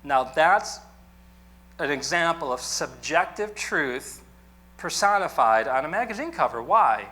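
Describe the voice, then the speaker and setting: A man's voice: fairly high pitch, pushed and bright. A man teaching an apologetics class in a conversational, joking manner, often checking in with the room. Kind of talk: classroom lecture.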